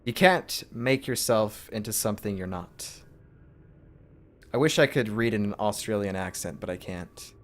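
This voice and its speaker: A man's voice: lowish voice, moderate pace. A man streaming a game, casually reading its text aloud in his own voice with asides.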